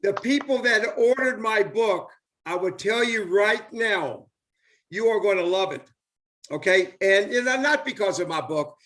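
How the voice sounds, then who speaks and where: A man's voice: high-pitched, lively intonation, a little slow, a bit bright. A man, hosting a casual live video chat and rambling enthusiastically with lots of fillers and repeats. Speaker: host, former baseball player.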